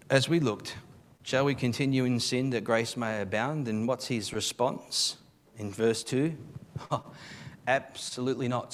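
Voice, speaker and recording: A man preaching a live church sermon as pastor, reading scripture aloud and explaining it, sometimes repeating words as he starts a sentence. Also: fairly high pitch. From Australia.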